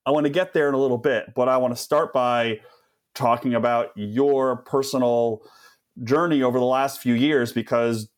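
A man hosting a podcast in an easygoing, conversational way. His voice sits in an ordinary middle pitch. He sounds enthusiastic and laughs easily as he chats with his guest. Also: steady tone, moderate pace. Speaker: podcast host. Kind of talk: casual interview chat.

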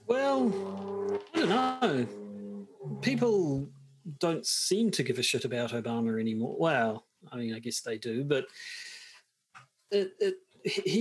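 A man co-hosting a podcast, speaking hesitantly and halting often. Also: fairly high pitch, expressive, breathy edge, poor audio. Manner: hesitant, halting, with many restarts. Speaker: podcast co-host. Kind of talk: casual podcast chat.

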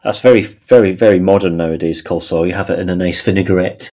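A man's voice: low-pitched, fast, background noise. A man co-hosting a history podcast, bantering with jokes and reading old newsletter pieces aloud. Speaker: podcast co-host.

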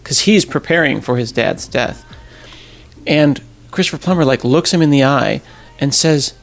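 Man, middle-aged, podcast host, gravelly, storytelling, acts out quotes. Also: medium pitch, normal speed, soft background music. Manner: animated, acts out quoted voices, laughs at himself. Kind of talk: casual storytelling.

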